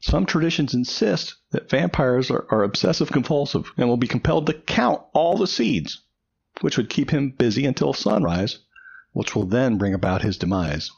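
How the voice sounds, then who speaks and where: A man's voice: medium pitch, very animated, normal speed, vocal fry, slightly rough. A man co-hosting a casual podcast, reading out lore in a dry, teasing way. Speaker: podcast co-host. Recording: dull lo-fi sound.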